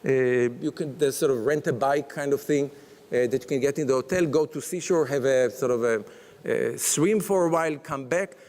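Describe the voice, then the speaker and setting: Professor speaking in a reverberant hall. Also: male voice, medium pitch, a little mellow. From Israel. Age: older. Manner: halting, many restarts and fillers, "sort of" and "okay?". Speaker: conference speaker. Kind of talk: summit keynote talk. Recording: long reverb of a large hall.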